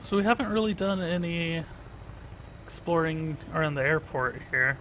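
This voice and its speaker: A man's voice: on the high side, expressive, normal speed, fairly bright tone, slight background noise. A man giving casual gameplay commentary as a let's play host, joking and irreverent, thinking aloud. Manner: joking, irreverent, talks to himself.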